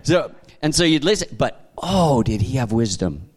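A man from Canada preaching to a congregation, telling stories in a conversational, animated way with frequent restarts. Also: medium pitch, moderate pace, slightly rough. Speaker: pastor. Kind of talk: sermon.

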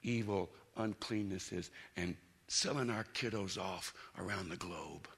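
Gravelly, bright-toned male preacher. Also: low-pitched, unhurried. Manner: emphatic, swings from quiet intensity to loud bursts. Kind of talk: sermon.

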